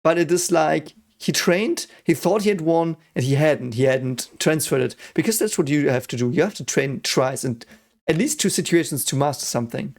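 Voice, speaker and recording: A man hosting an anime reaction, talking excitedly with swearing and many restarts. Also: a little high, normal speed, gravelly. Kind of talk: casual reaction commentary.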